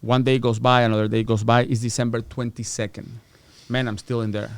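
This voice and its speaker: A man's voice: medium pitch, level tone, brisk, creaky, clear, resonant tone, no room sound. A middle-aged man, a podcast guest, telling stories with profanity and acting out the voices of the people in them. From United States. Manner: profane, acts out quoted voices. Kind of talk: animated storytelling interview.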